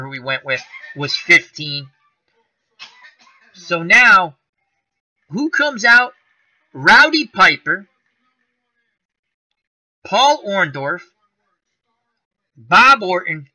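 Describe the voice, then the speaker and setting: A man's voice: high voice, sharp tone, no echo, rough recording. A man hosting a casual live-stream chat, reading comments aloud, rambling and chuckling through tangents.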